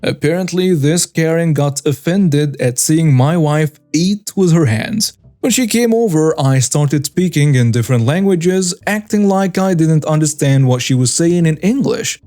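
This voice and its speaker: A narrator reading a first-person story aloud in a scripted, animated way, voicing the dialogue in between. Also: medium pitch, unhurried, few pauses.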